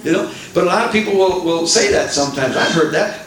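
Folksy preacher in an echoey church. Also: male voice, high-pitched, brisk, distant mic, noisy background. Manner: animated, swells into excited outbursts, folksy fillers. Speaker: pastor. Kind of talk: sermon. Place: church sanctuary.

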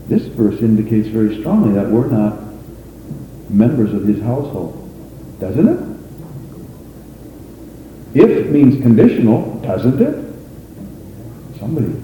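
A man preaching a sermon as pastor, fervent, rising to high exclamations and calling for amens. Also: warm tone, a little hiss or hum. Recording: echoey church hall with long reverb.

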